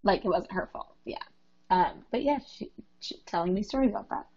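A woman's voice: mid-range voice, animated, fairly quick, warm tone, breathy edge. Chatty woman on lo-fi audio. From Minnesota, USA. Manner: chatty, lots of likes and ums. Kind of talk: casual chat. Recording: dull lo-fi audio.

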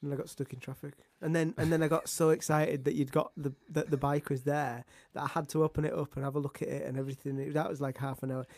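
A man co-hosting a live music show, telling his side of a story in a rapid, tumbling rush. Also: fairly high pitch, level tone, a little mellow. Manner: rapid, tumbling delivery that rushes ahead. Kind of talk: casual storytelling chat.

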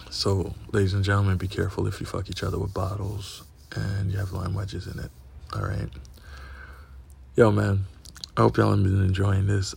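A young man hosts a podcast and tells raunchy stories in a loose, profane, laughing way. His low voice is gravelly and husky. He talks casually to his listeners, swearing constantly. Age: young adult. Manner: profane, laughing, animated storyteller. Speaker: podcast host. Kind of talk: crude casual storytelling.

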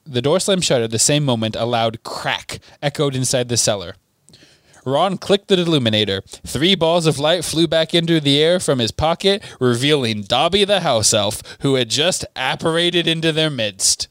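A man co-hosting a podcast reads a novel aloud in a steady narrating voice, with offhand asides. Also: fairly high pitch, moderate pace, dry recording. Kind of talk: casual read-aloud of a book.

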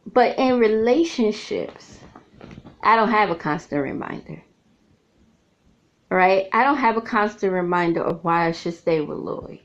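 A middle-aged woman speaks to her viewers in a frank, chatty monologue, laughing easily as she tells her stories. Her voice sits at an ordinary middle pitch for a woman. The recording sounds a little dull and lo-fi. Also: expressive, measured pace. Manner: frank, chatty storyteller who laughs often. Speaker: vlogger and author. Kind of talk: candid casual monologue to viewers. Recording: slightly dull lo-fi audio.

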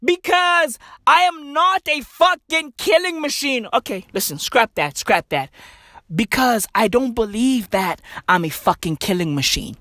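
Male comic, high voice that leaps all over, swears constantly, unhurried rant. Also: no echo, clean studio sound. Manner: animated, swearing heavily, slang-filled, jumps between loud and soft. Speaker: comedian. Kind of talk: profane comedic rant.

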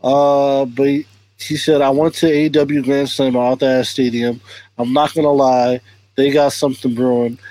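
A man's voice: medium pitch, flat delivery, normal speed, warm tone, no room sound. A man hosting a podcast in casual chat, joking around and often adding "you feel me". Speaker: podcast host.

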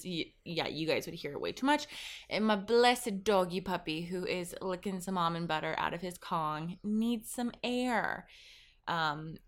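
Chatty woman podcast host, lowish voice. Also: fairly bright tone. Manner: chatty, swears freely, laughs often. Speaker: podcast host and pleasure coach. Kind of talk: casual podcast monologue. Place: home office with a fan running. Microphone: sensitive studio mic up close.

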